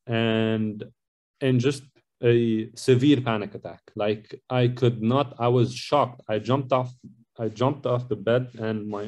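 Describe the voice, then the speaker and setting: A man from Lebanon, telling his own story in an interview in a rambling, halting way. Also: medium pitch, a little mellow. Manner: rambling, with many fillers and restarts. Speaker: guest.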